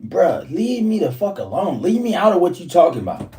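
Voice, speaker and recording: Man, heated profane rant, lively up-and-down pitch, distant mic. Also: normal speed. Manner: profane, repetitive, heated ranting. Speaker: vlogger. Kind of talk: casual ranting monologue.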